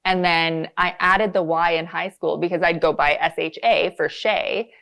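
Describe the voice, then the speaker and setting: Chatty low-voiced woman guest. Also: fairly even intonation, moderate pace, gravelly, fairly bright tone. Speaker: podcast guest, studio owner. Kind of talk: casual podcast chat.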